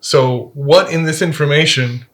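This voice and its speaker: A man in a casual podcast chat who reasons through things in a measured, questioning way. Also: fairly high pitch, a bit bright. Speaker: podcast co-host.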